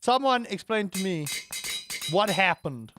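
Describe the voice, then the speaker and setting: A young man giving let's play commentary, excitable, yelling and swearing at enemies as he plays. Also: high-pitched, measured pace, over music. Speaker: gaming channel host.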